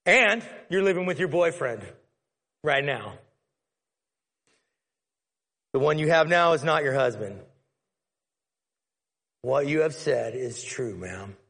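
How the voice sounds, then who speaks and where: Man doing a hushed, deep Jesus. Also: expressive, gravelly, exaggerated voice. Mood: calm. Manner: slow, soft, measured. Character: Jesus, calm, knowing, gently firm man. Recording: long hall reverb.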